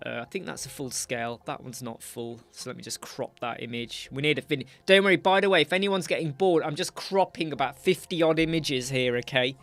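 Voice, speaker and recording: A man's voice: medium pitch, fairly quick, few pauses, a bit bright. A man, chatting casually on a livestream while he works, ranting about clients. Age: 40s. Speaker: web designer livestream host.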